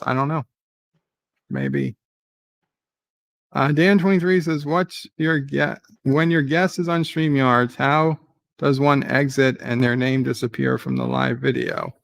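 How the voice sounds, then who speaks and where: A man's voice: mid-range voice, gravelly. A man hosting a casual live stream, reading out viewer comments and rambling through a story with many fillers and restarts. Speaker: livestream host.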